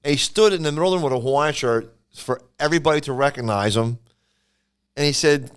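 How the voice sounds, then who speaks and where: Male comedian host, smooth and clear, lively storyteller, casual podcast. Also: fairly high pitch, fast talker. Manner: animated storyteller.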